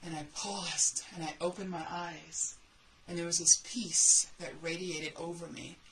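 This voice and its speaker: A woman coaching aspiring authors, telling a personal story in an animated way and acting out her fear and her coach's calm replies. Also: lowish voice, measured pace, vocal fry, slight background noise, poor audio. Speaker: book coach. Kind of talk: motivational storytelling lesson.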